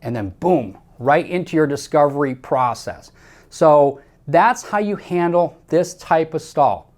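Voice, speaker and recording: A man's voice: fairly high pitch, unhurried, darkish tone. An emphatic man leads a sales training session, speaking directly to his listeners. He repeats his key points and gives firm, step-by-step instructions in the manner of a seasoned coach. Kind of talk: sales training talk to camera.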